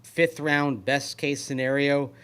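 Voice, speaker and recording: A man's voice: mid-range voice, fairly even intonation, slow pace, fairly bright tone, clean tone. Skeptical man co-hosting sports radio. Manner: analytical, skeptical. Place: at a league meeting venue.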